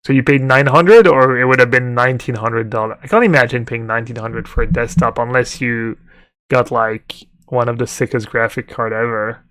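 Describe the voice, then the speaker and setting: A man's voice: medium pitch, steady tone, normal speed, a bit bright, no room sound. A man streaming a card game live, chatting casually, thinking aloud and answering chat with fillers. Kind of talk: live-stream commentary while playing.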